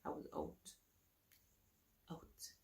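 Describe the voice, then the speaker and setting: A woman telling her own story to camera in a casual, animated way, acting out what others said to her. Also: very slow.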